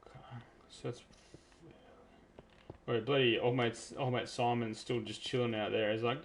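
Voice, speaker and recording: A man from South Australia with an Australian accent, giving chatty, excitable live commentary while streaming a game. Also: medium pitch, normal speed, pauses often, slight background noise. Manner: chatty, excitable, self-interrupting. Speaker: gaming streamer.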